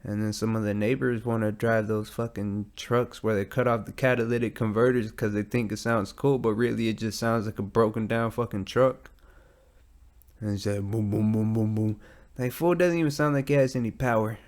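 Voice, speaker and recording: Late at night in a metal garage, an American man hosts a casual solo podcast using a studio mic and headphones. His fairly low voice has fairly even intonation and a brisk pace. He rambles, swears, and pokes fun at himself.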